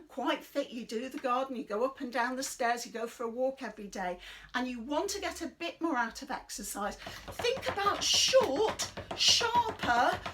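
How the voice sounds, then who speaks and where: A middle-aged British woman leading a chair exercise class in a chatty, rambling, encouraging way, breathing deeply and a little out of breath. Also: fairly bright tone. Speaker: fitness instructor. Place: indoors under a big light.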